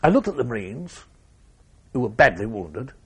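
An older man, telling an interviewer his wartime memories in a measured way, with pauses and restarts. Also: mid-range voice, very animated, slightly rough. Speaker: war veteran interviewee. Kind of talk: oral history interview.

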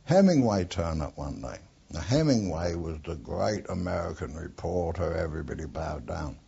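A man's voice: low-pitched, expressive, moderate pace, vocal fry, mellow, slightly rough. An older man, a war veteran, bluntly reminiscing in an oral history interview, swearing often and drifting off topic. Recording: dull lo-fi archive tape.

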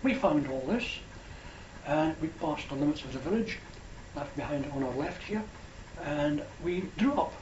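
A man's voice: fairly high pitch, lively intonation, moderate pace. An older man from Scotland with a Scottish accent, telling a rambling travel memory with hesitations and self-corrections. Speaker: storyteller. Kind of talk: oral history reminiscence. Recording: roomy, dull lo-fi recording with faint hiss.

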